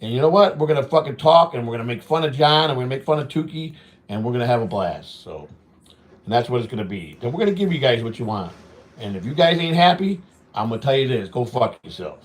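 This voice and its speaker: Male vlog host, loose profane rambling delivery, average pitch, casual at-home monologue. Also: expressive, fast. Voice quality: profane, repetitive, says "man" often. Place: home during a hurricane.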